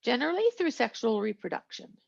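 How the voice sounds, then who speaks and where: A woman's voice: fairly high pitch, animated, fast, creaky. A woman teaching a biology lecture in a chatty style, with asides and small jokes. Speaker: biology instructor. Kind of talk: recorded lecture. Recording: lo-fi, muffled recording.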